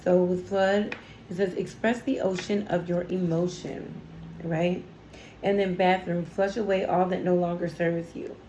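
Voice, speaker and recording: A woman's voice: lowish voice, level tone, measured pace, warm tone, echoey room, slight background noise, low-quality recording. A woman giving a casual tarot reading on her channel, talking in an emotional, chatty way with lots of fillers, teary as she goes. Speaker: tarot reader.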